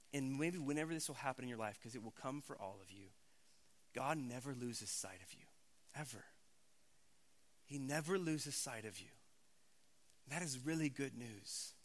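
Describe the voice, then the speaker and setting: A man's voice: medium pitch, a bit bright. A man in his thirties, a pastor giving a conversational, emphatic sermon.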